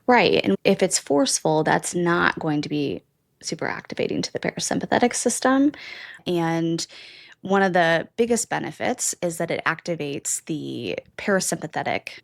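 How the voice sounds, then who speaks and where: A woman's voice: on the low side, expressive, moderate pace, creaky. A woman co-hosting a wellness podcast as a therapist, talking in a reflective, affirming way and using everyday images to explain ideas. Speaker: therapist and guest co-host. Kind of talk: casual podcast chat.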